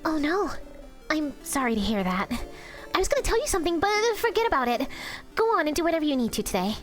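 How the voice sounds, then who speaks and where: A woman voicing a kind, caring young woman companion in a gentle, chirpy manner while reading game dialogue. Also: high-pitched, sing-song, fast talker, faint music behind, pitched above the performer's own voice. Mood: concerned.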